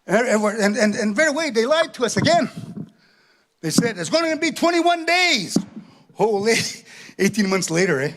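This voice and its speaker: Man, middle-aged, stand-up comedy set, high pitch, swoopy lively delivery, self-mocking, "eh" tags. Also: normal speed. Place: live stage before an audience.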